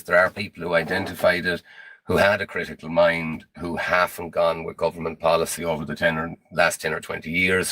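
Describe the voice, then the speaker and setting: A man lecturing in a measured, grave way in a recorded monologue. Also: low voice, bright, forceful tone, no echo, rough recording.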